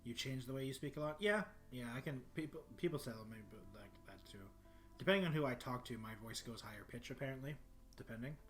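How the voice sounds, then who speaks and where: A man with a deep voice chatting casually on a livestream, rambling and often clearing his throat. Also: expressive, quick pace, soft background music. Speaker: streamer. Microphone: desktop microphone.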